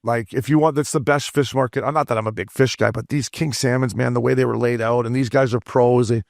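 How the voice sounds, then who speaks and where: A man telling animated, profane stories as a podcast host in casual chat. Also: mid-range voice, quick pace, gravelly, no room sound, clean studio sound.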